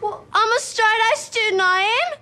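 A woman playing an anxious teen socialite girl in a dream, forcing a put-on Cockney accent through slow, drawn-out elocution drills. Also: extremely high pitch. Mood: straining. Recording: TV clip with loud music.

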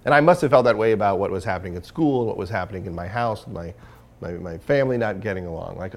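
Gravelly low-voiced man, rambling and candid. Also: lively intonation, fast talker. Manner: candid, rambling with many fillers and restarts. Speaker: guest. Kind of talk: casual interview conversation.

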